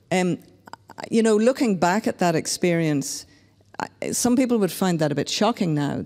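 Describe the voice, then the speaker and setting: A woman's voice: lowish voice, a little mellow. Candid woman speaking in a hall. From Northern Ireland. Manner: reflective, candid, wry. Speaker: panelist. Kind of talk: panel discussion. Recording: long reverb of a hall.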